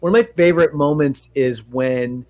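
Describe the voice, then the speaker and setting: A man with a slightly raised pitch talks in a loose, animated way. He co-hosts a casual podcast, slipping into bits of acting and laughing often. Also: normal speed. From Long Island, New York. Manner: animated, acts out movie quotes with laughter, swears a lot. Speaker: podcast co-host. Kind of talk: casual chat.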